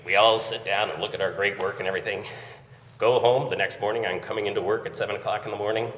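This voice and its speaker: A very deep-voiced man recounts an event at a conference in a relaxed way. He sounds far from the mic in a hall with a long reverb. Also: fast, a little hiss or hum. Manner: conversational, recounting with chuckles. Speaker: event organizer. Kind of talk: conference talk storytelling. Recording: echoey hall, voice from afar.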